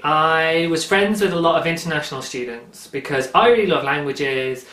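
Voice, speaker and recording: Excitable podcast host, thirties, a touch high, babbling fast in an echoey room. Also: male voice. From United Kingdom. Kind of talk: casual knitting podcast chat.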